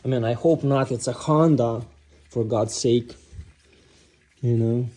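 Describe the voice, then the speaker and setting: Slow, mellow-voiced man fixing his car. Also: mid-range voice. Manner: chatty, exclaims at what he finds, addresses viewers as guys; mentions having a non-native accent. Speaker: DIY car repair vlogger. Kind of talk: casual how-to narration while working. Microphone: phone recording nearby.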